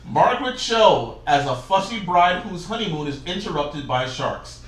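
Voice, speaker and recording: A man's voice: high-pitched, expressive, moderate pace, far from the mic. A young man co-hosting a casual chat show, reading out a cast list with dry jokes. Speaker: co-host. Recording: echoey room, voice off-mic.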